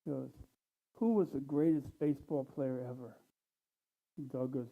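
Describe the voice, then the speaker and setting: Man, tired, plainspoken, pausing often; thin phone-like sound. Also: mid-range voice, steady tone, gravelly. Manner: unhurried, plainspoken, with many pauses and ums. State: tired, low energy. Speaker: church speaker. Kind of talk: casual talk to a congregation.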